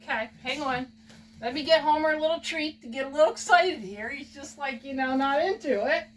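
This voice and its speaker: A woman's voice: high voice, fairly quick, recorded from a distance, a little hiss or hum, rough recording. A woman opening gifts from fans on a home video, gushing, laughing often and using baby talk with her pet. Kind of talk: casual home video chat.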